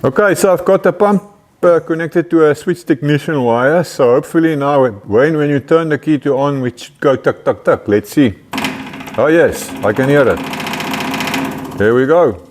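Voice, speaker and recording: A man's voice: on the high side, normal speed, darkish tone. A man with a South African accent hosting a casual workshop vlog, chatty and upbeat, often ending lines with "eh". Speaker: vlog host restoring an old truck.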